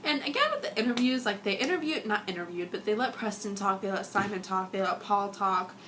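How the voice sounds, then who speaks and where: A young woman vlogger rambling through a casual fan review, gushing and giggly, a little sick and husky. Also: medium pitch, fairly quick, fairly bright tone, a little hiss or hum.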